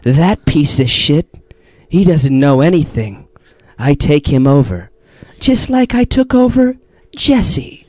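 Dude doing a slow creepy spirit voice, draggy and eerie, kinda high. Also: male voice, very animated, a little mellow, no room sound, full character voice. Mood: sinister. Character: slow, creepy male spirit possessing people.

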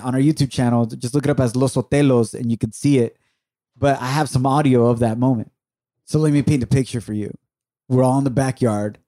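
Middle-aged male podcast co-host, warm dark tone, earnest and encouraging, dry close mic. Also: mid-range voice, dry recording. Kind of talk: heartfelt conversation with his wife.

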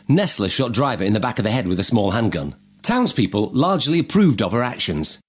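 A man reading a scripted factual narration in a steady, plain way. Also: medium pitch, breathy edge. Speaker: segment narrator.

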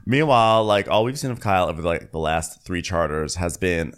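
A man's voice: low-pitched, brisk. A man co-hosting a podcast, recapping events in an easygoing, comedic way and quoting people in mock voices. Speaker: podcast co-host. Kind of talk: casual comedic recap chat.

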